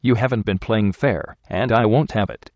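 A man voicing a loving young wife who gently coaxes her husband to confide in her. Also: fairly low pitch, normal speed, no echo, studio quality, natural voice. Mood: coaxing. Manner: gentle, coaxing and earnest.

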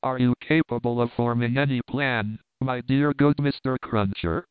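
A man's voice: medium pitch, moderate pace, smooth, no echo, natural voice. Frantic tearful woman, read by a man. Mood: distraught. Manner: breathless, pleading, agitated. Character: frantic, tearful middle-aged woman companion. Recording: dry, phone-like narrow sound.

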